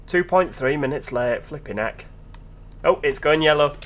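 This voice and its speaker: A man's voice: fairly high pitch, lively intonation, moderate pace, a bit bright. A man giving casual, chatty commentary over gameplay, with joking asides to his viewers. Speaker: video game commentator.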